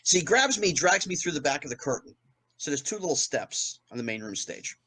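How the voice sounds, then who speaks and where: A man in his fifties from New Jersey, a guest in an interview, telling a fast anecdote and acting out the quotes with big jumps in pitch. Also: very animated, sharp tone, husky, no room sound. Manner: fast storytelling with acted-out quotes, rising pitch on punchlines. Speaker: guest, former child actor.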